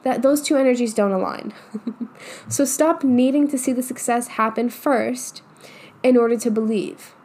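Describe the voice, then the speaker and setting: A woman's voice: on the high side, moderate pace, darkish tone. A young adult woman coach giving a casual, emphatic motivational monologue and swearing often. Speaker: manifestation coach.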